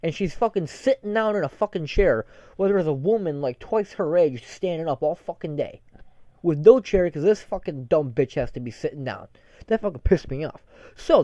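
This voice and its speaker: A young man co-hosting a podcast speaks a little fast in a slightly high, expressive, warm voice, cursing casually as his rant rambles from story to story. The dull lo-fi recording has no echo.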